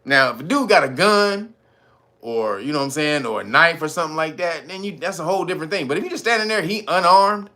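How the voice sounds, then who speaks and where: An LA-man rants in a casual commentary, his slangy talk full of laughter and acted-out bits. His voice sits fairly high and bright. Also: fast talker. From Los Angeles. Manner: animated, slangy, often laughing and acting out quotes. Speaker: commentary host.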